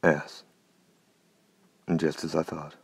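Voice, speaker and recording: A gloomy, gorgeous-voiced night stalker speaks in a soft, courtly, menacing tone, voiced by a man. The voice is extremely deep and barely moves in pitch. It sounds close and dry, with no room around it. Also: completely flat delivery, takes it slowly, breathy edge, dry recording, exaggerated voice. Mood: moved, exultant. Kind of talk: audiobook character reading.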